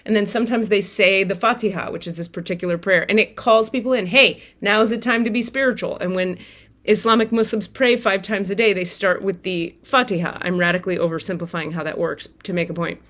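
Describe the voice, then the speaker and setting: A woman telling viewers a personal story in a casual, animated way, swearing freely and acting out her own outbursts. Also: mid-range voice, fairly quick. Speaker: tarot reader and spiritual vlogger.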